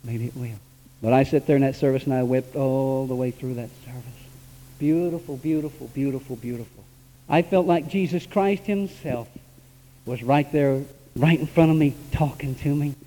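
A man with a high, mellow voice preaches a heartfelt testimony sermon, moving from hushed confession to raised, exclaiming appeals. His words ring out through a church sanctuary, trailing a long reverb. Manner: emotional storytelling preacher, swings from hushed to high exclaiming, chuckles.

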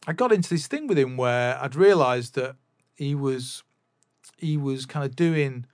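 A man's voice: mid-range voice, no echo, clean studio sound. A man hosting a podcast, telling a long story in a casual, rambling way with many restarts. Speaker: podcast host and drum teacher.

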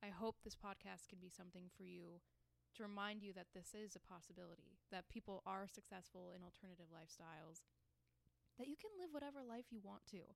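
This is a casual solo podcast monologue from a young woman who hosts the show herself. Her mid-range voice moves briskly with some vocal fry, and there's no room sound at all. Her tone is earnest and encouraging, and she frequently starts sentences over.

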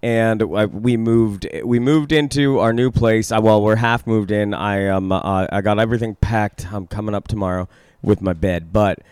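A young man co-hosting a podcast, talking casually in a laid-back way, laughing often and pausing with fillers. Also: lowish voice, fairly even intonation, darkish tone, smooth, dry recording, clean studio sound. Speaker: podcast co-host. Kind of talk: casual chat.

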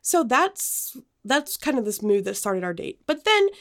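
A woman's voice: on the high side, unhurried. A young woman co-hosting a podcast, telling a personal story in casual chat, full of fillers and restarts. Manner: animated storytelling with many fillers. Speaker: podcast co-host.

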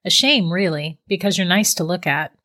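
A woman voicing a calm, teasing witch who holds a young man captive, speaking matter-of-factly in a storybook reading. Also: lowish voice, normal speed. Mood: cool, teasing. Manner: calm, matter-of-fact and mocking. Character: cold, teasing middle-aged female witch captor.

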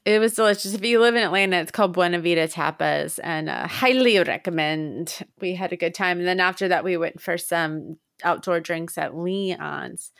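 A woman's voice: lowish voice, a little fast, creaky, hardly any pauses, no echo, clean studio sound. A woman co-hosting a casual comedy podcast, telling stories in a chatty way. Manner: chatty storyteller, animated when retelling. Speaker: podcast co-host.

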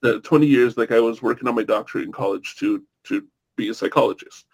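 Husky-voiced man hosting a podcast. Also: mid-range voice, fast talker, a little mellow, poor audio. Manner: enthusiastic, rambling, swears casually. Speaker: podcast host. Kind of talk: casual podcast chat.

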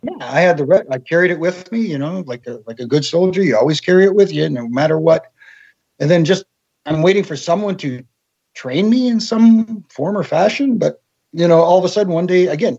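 Man guest, husky, higher-pitched, storyteller who acts out quotes; dull lo-fi sound. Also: animated, moderate pace, darkish tone. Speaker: guest, former wrestling referee. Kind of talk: casual interview chat.

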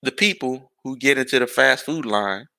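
A man's voice: mid-range voice, moderate pace, vocal fry, pushed and bright. A man hosting a podcast, ranting casually and with exasperation, firing off rhetorical questions and curses. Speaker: podcast host.

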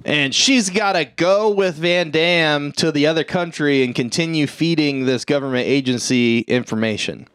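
A man's voice: a little high, moderate pace, few pauses, a bit bright, clean tone, no echo. A man co-hosting a podcast, recapping a film in casual chat. He rambles, swears and jokes. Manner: rambling, profane, jokey storytelling. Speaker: podcast co-host.

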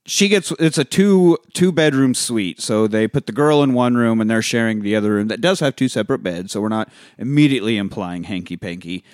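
A man's voice: lowish voice, expressive, no echo, studio quality. A man co-hosting a podcast, recapping a film in casual chat, swearing freely and acting out the scenes. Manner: profane, acts out scenes in quick voices. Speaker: podcast co-host.

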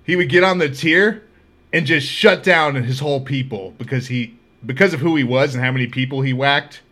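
A man hosting a podcast, telling stories in a casual, animated and profane way. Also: medium pitch, moderate pace. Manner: animated, profane, laughing storyteller. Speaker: podcast host. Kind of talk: casual storytelling chat.

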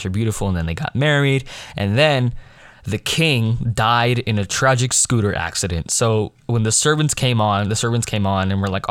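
A man's voice: medium pitch, clear, resonant tone, no room sound. A teenage boy telling a long casual story about his school play, rambling with many fillers, restarts and laughs. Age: teens. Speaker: high school student vlogger.

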